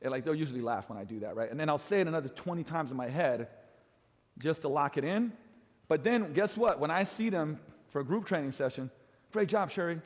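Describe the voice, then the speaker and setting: A middle-aged man in full coaching mode, teaching other trainers with a fairly high voice that he pushes up and drops down for effect. He leans on his points and keeps checking in with "right?" The sound carries a long reverb from a large hall. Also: lively intonation, fairly quick. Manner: emphatic, swings pitch and loudness for effect, keeps asking "right?". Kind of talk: energetic coaching lecture.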